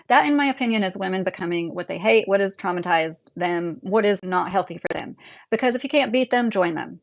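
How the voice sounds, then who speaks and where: A woman's voice: mid-range voice, creaky. A woman in her late thirties hosting a live stream, talking casually and bluntly as she answers her chat. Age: 30s. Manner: opinionated, blunt, talks straight to commenters. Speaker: livestream host reading chat.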